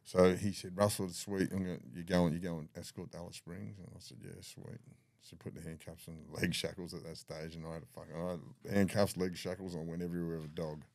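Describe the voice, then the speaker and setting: Gravelly, deep Australian man. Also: little pitch movement, fast, darkish tone, no echo. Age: older. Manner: blunt, swears freely, acts out dialogue. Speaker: podcast guest. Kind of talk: candid storytelling.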